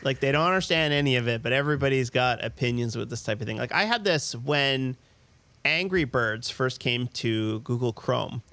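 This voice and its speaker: A man's voice: medium pitch, lively intonation, moderate pace, bright, forceful tone, no echo. A man co-hosting a tech podcast, telling rambling stories packed with "like". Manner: rambling storyteller, lots of "like". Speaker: podcast co-host. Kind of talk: casual tech podcast chat.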